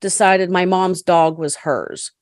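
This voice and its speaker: A middle-aged woman, a podcast guest, chatting and telling stories in a lively way, laughing often. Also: fairly low pitch, slow, no echo, clean studio sound. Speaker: podcast guest, caregiver advocate. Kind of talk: storytelling in casual conversation.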